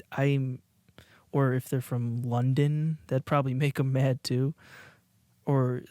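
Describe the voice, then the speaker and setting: A man's voice: mid-range voice, warm tone, no room sound. A man co-hosting a podcast, rambling in casual chat with frequent laughs and restarts. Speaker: podcast co-host. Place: indoors, watching a video while recording.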